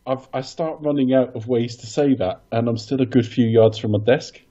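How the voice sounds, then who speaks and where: An English man co-hosting a podcast with a mellow, husky voice. He rambles through bawdy jokes and long asides at an easy pace. The sound is a little muffled and lo-fi. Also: medium pitch, fairly even intonation. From Britain. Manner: bawdy, rambling, quick to joke. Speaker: podcast co-host. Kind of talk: casual chat.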